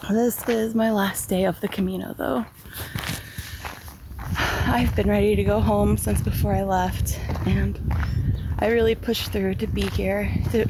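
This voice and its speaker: Young woman, vlogger, slow halting storytelling, tearful at times, outdoors, noisy background. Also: medium pitch. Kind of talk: emotional personal storytelling.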